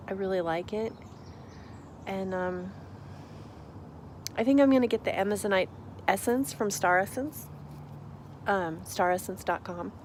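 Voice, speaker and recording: A woman's voice: mid-range voice, a little hiss or hum. A woman talking casually to camera in a vlog, chatty and rambling with frequent asides. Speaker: vlogger.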